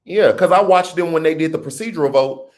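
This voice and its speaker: A man hosting a casual livestream, reading viewer comments and joking with loud laughter. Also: fairly high pitch, fairly quick. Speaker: host of a political livestream.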